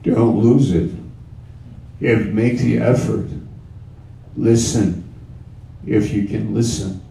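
Male preacher, sermon delivery, unhurried and emphatic; echoey room, mic at a distance. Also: on the low side, steady tone, creaky, dark tone, slight background noise. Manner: slow, emphatic, with repeated phrases. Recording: roomy sound from off-mic.

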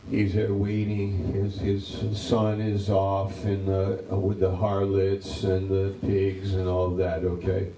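A man's voice: low voice, completely flat delivery, slow, few pauses, background noise. A man preaching in a conversational Bible-teaching style, telling the story with animation and acting out the characters' dialogue. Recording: roomy, from a distance.

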